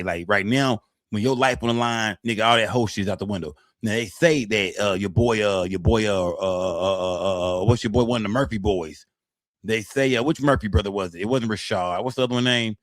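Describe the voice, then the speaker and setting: Reacting to court footage in casual live-stream commentary, a man talks to his chat at a quick clip in loose, profane slang, repeatedly circling back over the same phrases. His voice is ordinary in pitch and sounds dry and close, with almost no room around it and no echo.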